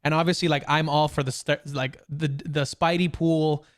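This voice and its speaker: A young man co-hosting a podcast over a video call, talking in an excited, rambling way with many restarts. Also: a little high, normal speed. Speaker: podcast co-host. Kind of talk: casual chat.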